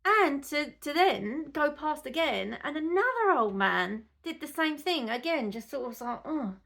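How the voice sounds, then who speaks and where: A woman's voice: high voice, very animated, moderate pace, creaky, a bit bright. A woman, a mother, chatting to camera in a rambling, casual way that turns indignant. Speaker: mother vlogger.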